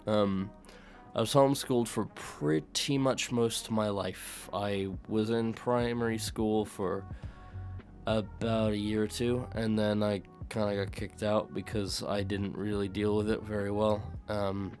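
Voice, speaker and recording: A young man raised in the UK chats casually to his live chat on a stream, rambling, laughing and swearing lightly in a mixed, American-sounding accent. His voice is fairly low, steady and a little mellow, a little slow, with soft music in the background.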